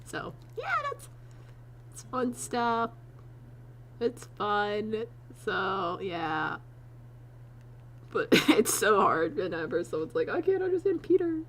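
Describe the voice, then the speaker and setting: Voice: medium pitch, big pitch swings, very slow, creaky, pauses often, a bit bright, a little hiss or hum. A streamer chatting casually to their chat, rambling with frequent laughs and casual swearing.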